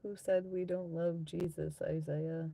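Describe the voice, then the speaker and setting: NZ woman in her 30s hosting a live stream, low gravelly voice, slow and mellow, crude giggly banter. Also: level tone. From New Zealand. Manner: crude, giggly, teasing banter with frequent laughter. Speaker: livestream host. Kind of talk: casual live chat with viewers.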